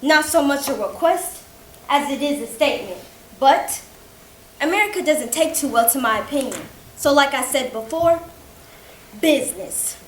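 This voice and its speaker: A woman's voice: high-pitched, animated, moderate pace. A woman delivering a spoken-word piece in a rhythmic, declamatory way. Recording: echoey room, faint noise.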